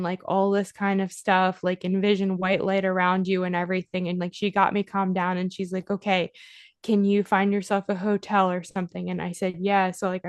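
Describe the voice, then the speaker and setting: A woman's voice: medium pitch, smooth, no echo. Woman guest telling a story, loose and chatty, dry close mic, lots of "like". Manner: animated storyteller, heavy use of "like". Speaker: podcast guest. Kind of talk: casual storytelling interview.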